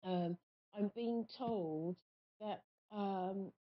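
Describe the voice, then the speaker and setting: A woman hosting a live call-in psychic reading on the radio, speaking in a halting, searching way with many pauses. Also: medium pitch. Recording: muffled lo-fi stream audio.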